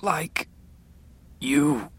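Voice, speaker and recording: A man voicing a dying older man in pain, speaking in a weak, hoarse whisper. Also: fairly high pitch, extremely slow, a bit bright, no room sound, pitched above the performer's own voice, heavily acted. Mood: weak, strained. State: in pain, gasping.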